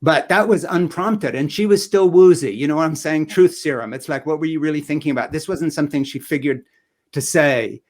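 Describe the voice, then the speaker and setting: An older man, an author guest in a live online interview, talking in an earnest, halting way and searching for his words. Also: a little high. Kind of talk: reflective interview talk.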